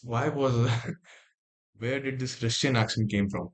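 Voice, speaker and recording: Young Indian-accented man, casual streamer, reads on-screen text aloud, thinks out loud mid-sentence. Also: mid-range voice, unhurried. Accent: Indian English. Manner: reads text aloud with muttered asides and restarts. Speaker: livestreamer. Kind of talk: casual livestream, reading aloud.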